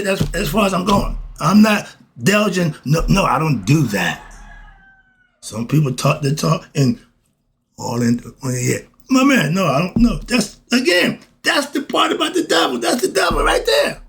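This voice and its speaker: High-pitched and a bit bright, a male channel host preaches through a spiritual monologue. It's repetitive and full of rhetorical questions, with chuckles dropped between points.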